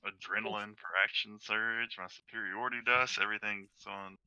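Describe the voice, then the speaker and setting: Deep-voiced player, dull lo-fi mic. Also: male voice, steady tone, brisk, crowd noise. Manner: wry, earnest in-character speeches. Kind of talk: casual tabletop play, in-character speeches.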